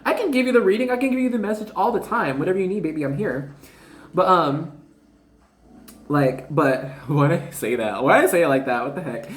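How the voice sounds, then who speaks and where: A woman's voice: fairly low pitch, animated, fairly quick. Rambling slangy woman in a roomy room. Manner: rambling, slangy, enthusiastic, keeps addressing "you guys". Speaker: spiritual card reader. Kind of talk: casual channeled reading to viewers. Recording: roomy echo.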